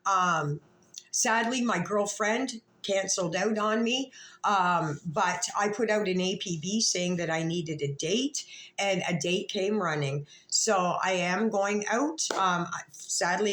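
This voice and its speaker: A woman's voice: mid-range voice, measured pace, a bit bright, roomy sound. A woman vlogger talking straight to the camera in a rambling, confrontational rant, swearing freely.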